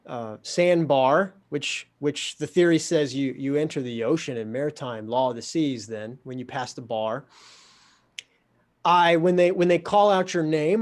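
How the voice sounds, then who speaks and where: A man telling a story in a wry, animated way, acting out the dialogue. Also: a little high. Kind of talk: storytelling in a conversation.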